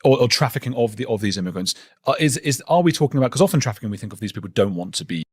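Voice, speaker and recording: A man's voice: mid-range voice, lively intonation, racing, husky, no echo, studio quality. A man interviewing a guest, inquisitive and thinking aloud as he asks questions.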